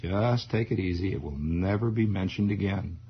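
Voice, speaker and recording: A man voicing a stern middle-aged father who coaxes his son in a low, soft, insistent voice. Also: normal speed, slight background noise. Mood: coaxing. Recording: dull old radio broadcast.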